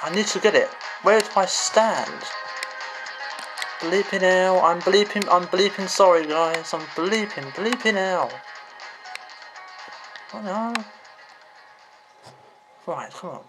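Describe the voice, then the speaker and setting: A man's voice: high voice, takes it slowly, pauses often, poor audio. A man giving frustrated gameplay commentary, swearing and exclaiming. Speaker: gamer. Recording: game music behind the voice.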